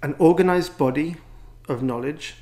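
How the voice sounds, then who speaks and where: English priest rambling a bit, wry and self-deprecating, giving a talk. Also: male voice, a little high, normal speed, mellow. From England. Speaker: priest and teacher. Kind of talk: anecdotal talk to a gathering.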